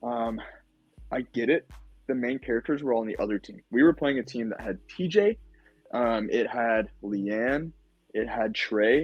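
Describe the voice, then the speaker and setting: Husky young man telling a story. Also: a little fast, no room sound, lo-fi sound, faint music behind. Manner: animated storytelling, acts out quotes in high voices; says "like" and "dude" a lot. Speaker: podcast guest, former contestant. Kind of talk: casual podcast interview.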